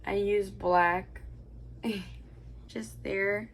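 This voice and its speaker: Young woman, casual vlog chat, rambling and chatty, gravelly fry, faint background noise. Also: mid-range voice, flat delivery, very slow. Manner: chatty, rambling, lots of "like" fillers. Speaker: beauty vlogger. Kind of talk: casual makeup tutorial and storytime.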